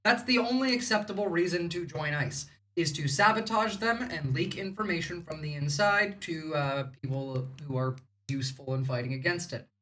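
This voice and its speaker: A woman's voice: deep voice, normal speed, a bit bright. A woman from the United States hosting a livestream, giving rambling, sarcastic political commentary. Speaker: livestream host.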